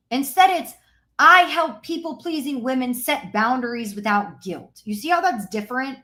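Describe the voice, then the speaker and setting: Host: high-pitched woman coach, emphatic and repetitive, live sales stream, greets her chat. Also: fairly bright tone. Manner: emphatic, repetitive, talks to viewers joining the chat. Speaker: business coach hosting a live masterclass.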